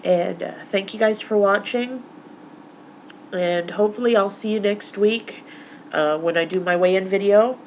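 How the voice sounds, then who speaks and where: A woman's voice: mid-range voice, a little slow, darkish tone, a little hiss or hum. A young woman recapping her week to camera in a casual vlog, rambling with lots of fillers. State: tearful, emotional; recovering from stomach flu. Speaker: vlogger.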